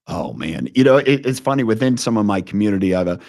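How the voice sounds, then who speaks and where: A man's voice: fairly low pitch, sing-song, fast, vocal fry, darkish tone, no echo, studio quality. A man in his forties, a leadership coach, talking earnestly and intensely in a casual interview, telling stories with frequent restarts.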